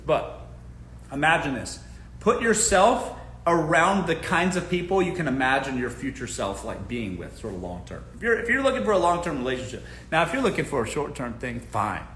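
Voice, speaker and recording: Male host, blunt and jokey dating advice, bright tone in a roomy space. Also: medium pitch, slight background noise. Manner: blunt, joking, talks straight to listeners. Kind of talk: casual live-stream advice talk.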